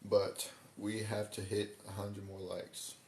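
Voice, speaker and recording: A man's voice: on the low side, level tone, slow pace, gravelly, darkish tone. A man hosting a casual livestream, talking in a laid-back, slangy way and stumbling over his words now and then. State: hiccups. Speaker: livestream host. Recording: roomy echo, faint background noise.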